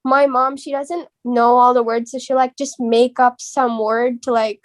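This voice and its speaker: A young woman from the United States co-hosting a podcast, chatting casually with many fillers and pauses. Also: fairly high pitch, level tone. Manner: filler-heavy, hesitant. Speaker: podcast co-host. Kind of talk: casual chat.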